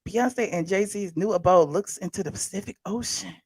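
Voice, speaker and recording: A woman hosting a casual live-stream commentary, animated and excitable, chatting with her viewers in asides. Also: medium pitch, moderate pace, a little hiss or hum. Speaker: commentary channel host.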